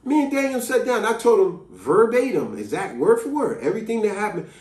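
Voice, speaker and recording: A man vlogger tells a story in an emphatic, chatty way. His voice rises and falls with feeling and sits a little high for a man. The sound is roomy and distant. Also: fairly quick. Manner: animated, emphatic, conversational. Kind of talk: storytelling to camera. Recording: echoey room, distant mic.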